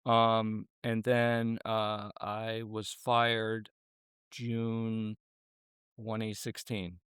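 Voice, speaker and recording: A man's voice: on the low side, monotone, very slow, fairly bright tone, clean tone, no room sound. Middle-aged man, earnest, rambling, resonant voice, dry close sound. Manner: earnest, rambling with many restarts and fillers; gets emotional when talking. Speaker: former zookeeper and guest. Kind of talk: casual interview talk.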